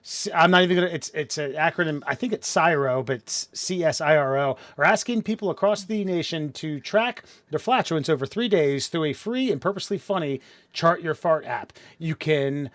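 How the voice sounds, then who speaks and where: Profane rambling American podcast host. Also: male voice, fairly high pitch, fairly bright tone, no room sound. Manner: profane, rambling, quick bursts. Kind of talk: casual podcast chat.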